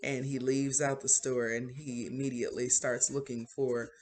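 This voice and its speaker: A man's voice: medium pitch, little pitch movement, moderate pace, darkish tone. A man casually retelling a film plot, rambling with frequent fillers and restarts. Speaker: channel host.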